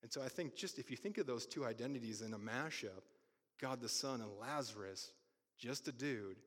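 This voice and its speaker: Man, pastor, sermon, animated storytelling with loud bursts, church hall reverb. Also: mid-range voice.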